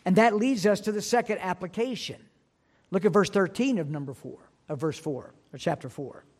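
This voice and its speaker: A man with a rather high voice preaches a sermon in earnest. He reads scripture aloud and slows his delivery to press home each point. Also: darkish tone. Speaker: pastor.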